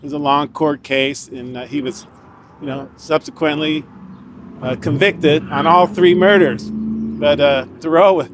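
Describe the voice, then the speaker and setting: A retired police officer recounting a court case in a conversational way, with fillers. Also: male voice, fairly high pitch, steady tone, a little slow, background noise. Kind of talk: storytelling interview.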